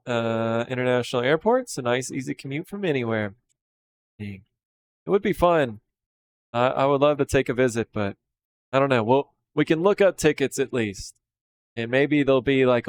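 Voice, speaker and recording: A man in his thirties chatting casually on a live stream, relaxed and rambling as he talks with viewers while working. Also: medium pitch. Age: 30s.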